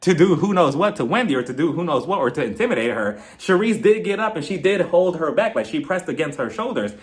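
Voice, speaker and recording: A man's voice: a little high, fast talker. A young man giving a casual, sassy review of a reality TV episode and acting out the cast's lines. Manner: animated, acts out the cast's lines in quotes; chuckles often, playful and sassy. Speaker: reality TV recap vlogger.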